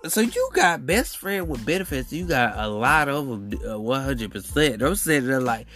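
A man rants through a solo podcast in a blunt, slangy storytelling style. His voice is bright and forceful at a middle pitch, with faint music underneath. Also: very animated, moderate pace. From Alabama. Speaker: podcast host.

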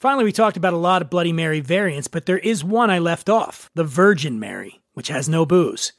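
A man's voice: fairly high pitch, lively intonation, brisk, no echo, clean studio sound. A man hosting a short podcast episode, delivering a scripted monologue in a wry, playful and theatrical way. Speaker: podcast host.

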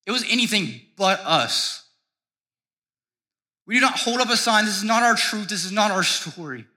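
Bright-voiced preaching pastor, a man. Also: high voice, normal speed. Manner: preaching with rising, excited emphasis. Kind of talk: sermon. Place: church sanctuary stage.

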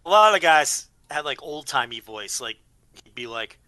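Bright-voiced man chatting casually. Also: on the high side, animated, moderate pace. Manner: rambling, repeats words while thinking. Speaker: podcast co-host. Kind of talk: casual chat.

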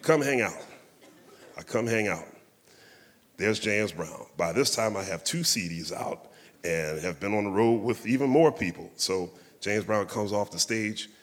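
A man's voice: lowish voice, unhurried, big-room sound. A man telling a humorous, self-deprecating story live on a theatre stage.

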